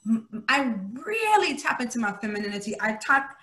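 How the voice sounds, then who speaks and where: Bright high-voiced woman, echoey room. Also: moderate pace. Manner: animated, expressive storytelling. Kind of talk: casual chat.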